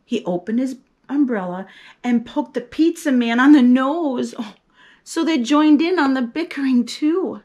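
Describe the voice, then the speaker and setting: A woman storyteller reading a picture book aloud to young children, bright with expression and acting out the characters as she goes. Her voice sits a little high. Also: unhurried, muffled recording. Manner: lively and expressive, teaching a hand sign and acting out the story's characters.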